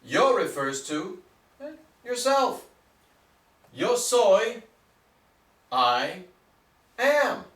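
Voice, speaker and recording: A man teaching a basic language lesson, patient and deliberate, spelling words out letter by letter. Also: high-pitched, very animated, a bit bright, echoey room, distant mic. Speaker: Spanish teacher.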